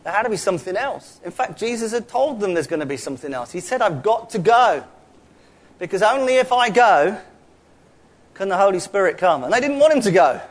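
A middle-aged preacher with a London accent delivers a chatty, conversational sermon packed with asides and rhetorical questions. His voice is high-pitched, sing-song and brisk.

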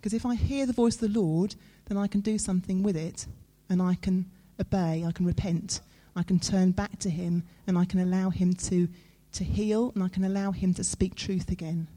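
A woman preaches in a warm, mellow voice. She talks to her listeners in an earnest, conversational way and leans on dramatic pauses. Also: on the low side, steady tone. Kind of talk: sermon.

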